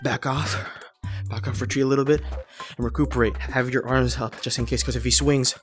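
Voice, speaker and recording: A man casually explaining moves while playing a game, a bit out of breath, chatty and quick to laugh. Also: mid-range voice, steady tone, faint music behind. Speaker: VR gameplay creator. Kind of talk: casual gameplay tutorial.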